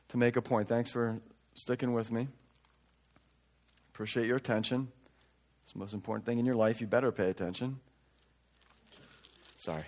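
A medium-pitched pastor gives a conversational sermon. He reads from scripture and breaks into casual asides, his delivery veering between loud, emphatic lines and hushed remarks.

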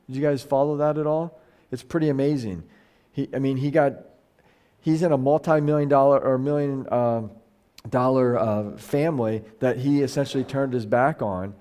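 Animated man giving a casual sermon. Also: medium pitch, moderate pace. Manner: animated, acts out quoted voices, frequent restarts. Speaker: pastor teaching a Bible study.

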